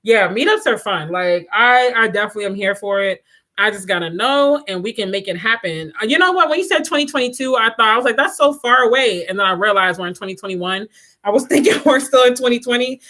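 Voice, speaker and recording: A young adult woman hosting a casual livestream chat, animated and laughing often as she talks straight to her viewers. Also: medium pitch, fast talker. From Washington, DC area. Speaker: livestream host.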